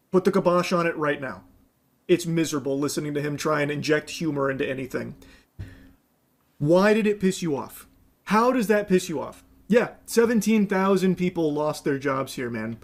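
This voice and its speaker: A man's voice: a little high, lively intonation, moderate pace. A man giving a reaction commentary, scolding and sarcastic in an exasperated way.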